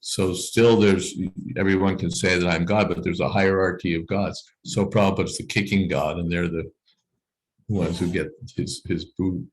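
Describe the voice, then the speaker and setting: Deep-voiced man teaching a scripture class. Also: steady tone, low-quality recording. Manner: thoughtful, explains slowly with "you know" asides. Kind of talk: explanatory class discussion.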